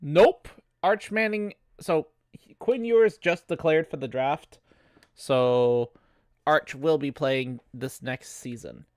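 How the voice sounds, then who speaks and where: A man's voice: a little high, takes it slowly, darkish tone, no room sound, clean studio sound. A man hosting a casual sports podcast, rambling with fillers and swearing, with a cough. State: has a cough. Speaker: podcast host.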